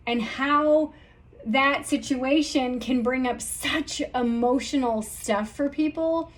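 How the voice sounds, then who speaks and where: A woman hosting a podcast, telling a story in a lively, animated way and acting out the characters' reactions. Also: high-pitched. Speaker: podcast host.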